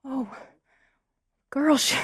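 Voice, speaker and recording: A woman storyteller telling a fairy tale to children, expressive and prompting them to join in. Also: extremely slow, no room sound, clean studio sound.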